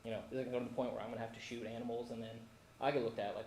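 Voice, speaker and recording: A man, speaking in earnest, halting public comment at a city council meeting. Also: mid-range voice, flat delivery, darkish tone. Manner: earnest, worried, halting with fillers. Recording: echoey council chamber, faint room noise.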